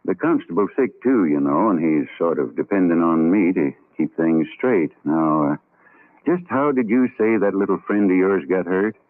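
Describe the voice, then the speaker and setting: A gruff old country doctor, deep and blunt, who doubts every word he hears. The sound is thin and tinny, like an old radio broadcast. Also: expressive, normal speed. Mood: stern. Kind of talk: 1940s radio acting.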